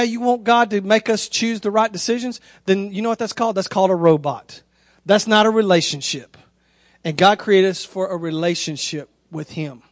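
A man's voice: no echo, clean studio sound. A man, preaching a sermon through a folksy, conversational story. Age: 30s. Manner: folksy, conversational storyteller, voice rises high when excited.

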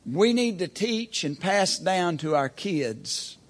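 A man's voice: high voice, sing-song, slow pace. A man preaching a sermon from the pulpit as pastor, folksy and plain-spoken, asking the congregation rhetorical questions. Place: church pulpit.

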